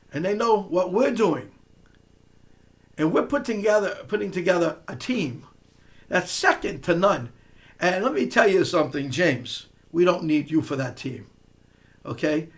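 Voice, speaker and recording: A man's voice: sits high, fairly bright tone. A man delivering a confrontational monologue, scolding and mocking someone he speaks to directly. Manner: sarcastic, mocking. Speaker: online commentator.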